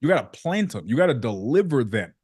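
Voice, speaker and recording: A man gives blunt feedback on a sales call, mixing slang with quick acted-out examples. His voice sits at an ordinary pitch and sounds close and dry, with no room around it. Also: slightly rough, dry recording. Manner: direct, animated coaching with acted examples; casual slang, calls people bro. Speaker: sales coach. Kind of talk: feedback session.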